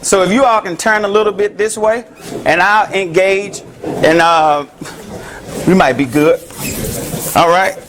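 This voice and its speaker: A man's voice: high-pitched, steady tone, a little slow, long pauses, fairly bright tone, a little hiss or hum. A man giving an interactive health talk to a live audience, joking and asking the room questions. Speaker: mental health speaker.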